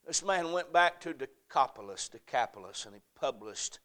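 A pastor preaching an evening sermon, rising to impassioned shouting and falling to a hushed prayer. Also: male voice, medium pitch, lively intonation, moderate pace. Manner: fervent preaching that swells to shouting, then drops to a hushed prayer.

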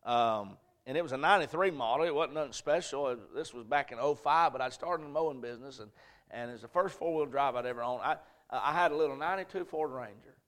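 A Southern American man in his thirties preaches in a church, telling a personal story in a folksy, rambling way. His voice sits at an ordinary middle pitch. He drops to a near-murmur and then climbs back to loud emphasis. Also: fast talker. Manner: folksy, rambling, swings between quiet and loud. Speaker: pastor. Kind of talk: sermon storytelling.

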